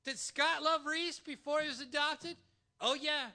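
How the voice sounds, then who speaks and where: A man preaching a sermon in a church, animated and emphatic, using dramatic pauses. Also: extremely high pitch. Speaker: pastor.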